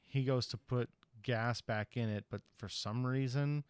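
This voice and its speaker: A man's voice: mid-range voice, fairly even intonation, a little slow, clear, resonant tone, no room sound. A man on a podcast casually retelling a horror movie's plot in a rambling way, acting out the characters' lines and swearing loosely. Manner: loose, profane slang. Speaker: podcast host.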